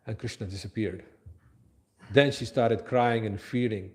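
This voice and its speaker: A man's voice: on the low side, a little slow, long pauses. A man giving a daily devotional lecture at a temple. He tells scriptural stories in English and drops in Sanskrit and Hindi verses.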